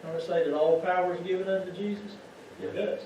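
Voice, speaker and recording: A man with a high voice preaches a folksy sermon, asking the congregation one rhetorical question after another. He sounds distant and muffled. A long, heavy echo fills the church around him. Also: fairly even intonation, quick pace, dark tone, a little hiss or hum. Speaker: lay preacher. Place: church sanctuary.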